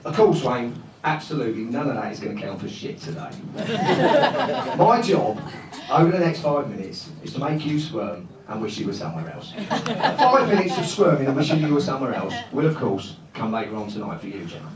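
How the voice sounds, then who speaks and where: A man's voice: mid-range voice, sing-song, fairly quick. A man giving a joking, flustered best man speech at a wedding, laughing often. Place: large function room full of guests. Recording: roomy, from far off, loud crowd. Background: loud laughing crowd.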